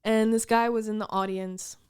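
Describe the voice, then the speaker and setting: A woman's voice: mid-range voice, flat delivery, moderate pace, a little mellow, smooth. A woman co-hosting a podcast, telling a rambling story in casual chat, full of restarts. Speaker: podcast co-host.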